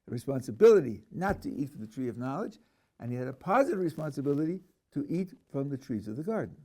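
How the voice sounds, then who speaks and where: A man's voice: mid-range voice, sing-song, fast, dark tone. A man, a rabbi, teaching a text class, reading verses aloud and then questioning them with dry humor. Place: yeshiva classroom.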